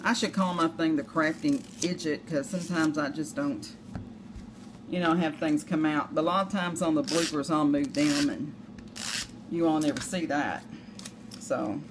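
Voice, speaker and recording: A woman with a Southern US accent, chatting through a crafting tutorial with rambling, self-deprecating asides. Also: sits low. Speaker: craft demonstrator. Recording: noisy home recording.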